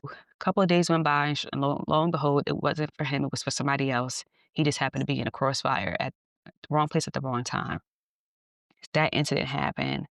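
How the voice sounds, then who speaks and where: A woman's voice: a bass voice, fast, creaky, dry recording, studio quality. Candid woman telling a personal story. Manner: animated, candid, acts out dialogue, laughs often. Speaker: podcast host.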